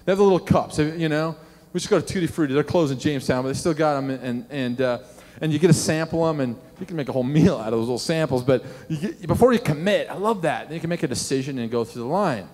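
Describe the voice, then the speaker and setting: A middle-aged man, a pastor preaching a sermon and telling animated stories with questions to the congregation. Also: on the high side, fast. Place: church sanctuary. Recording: long hall reverb.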